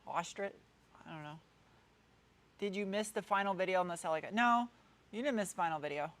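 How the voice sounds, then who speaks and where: A woman's voice: fairly low pitch, quick pace. Chatty New England woman on a live stream. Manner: chatty, rambling, meandering with frequent restarts. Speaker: car channel host. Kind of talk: casual live stream chat reading viewer comments.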